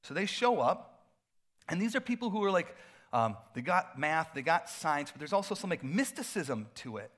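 A middle-aged pastor preaching a sermon in a loose, conversational way, full of fillers and asides. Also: male voice, on the high side, big pitch swings, moderate pace, a bit bright.

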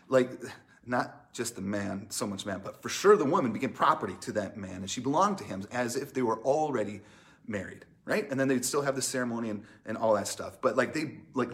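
A man's voice: mid-range voice, a bit bright. A man preaching a casual, conversational sermon, reading scripture aloud and playfully acting out the people in the story. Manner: chatty, many "like" fillers, acts out characters playfully. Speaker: pastor.

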